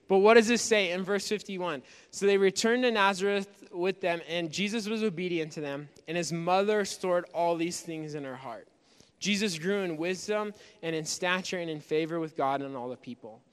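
A man preaching a sermon in a relaxed, conversational way, voicing people's thoughts as he goes. His voice sits high and sounds smooth and resonant. It rings out with the long reverb of a large hall. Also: normal speed. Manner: conversational preaching with frequent fillers, acting out inner voices. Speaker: pastor.

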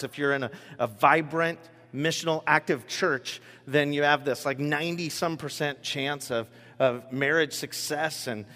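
Animated pastor in a reverberant hall. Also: male voice, on the high side. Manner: conversational, animated, with many restarts. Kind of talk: sermon. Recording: echoey hall with long reverb.

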